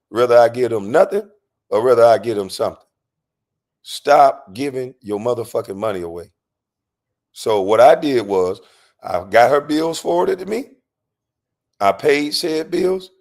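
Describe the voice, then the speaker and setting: Man host, heated profane rant, mid pitch. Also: animated, moderate pace. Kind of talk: casual rant.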